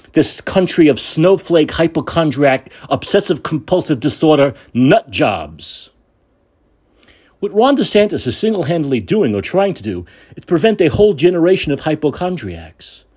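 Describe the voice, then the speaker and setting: Husky, animated ranting man. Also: on the high side. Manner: angry, sarcastic, profane. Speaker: podcast host. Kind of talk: political rant monologue.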